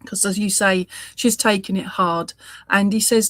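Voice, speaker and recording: A woman giving a live mediumship reading, speaking gently and reassuringly and often murmuring sympathy. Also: mid-range voice, fairly even intonation, normal speed, no echo. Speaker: spiritualist medium.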